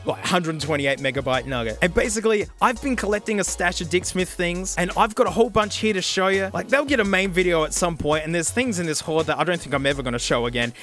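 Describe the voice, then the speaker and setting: A man's voice: high voice, fast talker, hardly any pauses, fairly bright tone, faint music behind. A man with an Australian accent hosting a casual gadget review vlog, jokey and full of slang. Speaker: tech reviewer and YouTuber.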